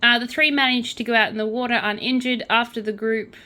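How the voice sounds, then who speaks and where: A woman's voice: on the high side, steady tone, a little fast. A young woman hosting a casual crochet and true-crime channel, reading news items aloud and adding chatty asides. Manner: chatty, with asides and quiet counting under her breath.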